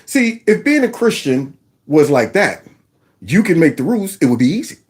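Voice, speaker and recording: Animated, sarcastic male commentator. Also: on the high side, normal speed. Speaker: commentary host. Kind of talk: reaction commentary.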